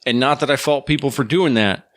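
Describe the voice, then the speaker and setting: A man co-hosting a podcast, chatting casually and teasing his partner with wry remarks. His voice sits at an average pitch and sounds dry and close, with no room echo. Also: a little fast. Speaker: podcast co-host. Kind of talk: casual chat.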